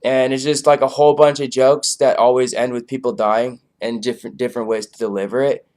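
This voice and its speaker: A man's voice: mid-range voice, flat delivery, brisk, a little mellow. A man casually reviewing a comedy show, rambling loosely with lots of fillers. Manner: loose, filler-heavy, laid-back.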